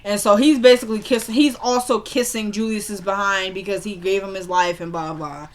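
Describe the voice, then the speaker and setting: A woman's voice: mid-range voice, steady tone, fairly quick, a little hiss or hum. Young woman, chatty recap, opinionated, quotes the scenes, mid-range voice. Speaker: TV episode reviewer. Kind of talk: casual episode recap.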